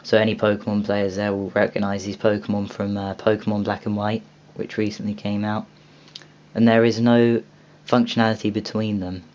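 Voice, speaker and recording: Young man, low voice, rambling and casual, dull lo-fi recording, faint hiss. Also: completely flat delivery, moderate pace, darkish tone. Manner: rambling, many ums and restarts. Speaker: video host reviewing a game store. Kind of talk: casual video walkthrough.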